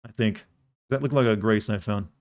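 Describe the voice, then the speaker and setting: A man's voice: fairly low pitch, normal speed, slight background noise. A man casually commenting on his gameplay live, rambling and correcting himself as he chats with viewers. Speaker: game streamer.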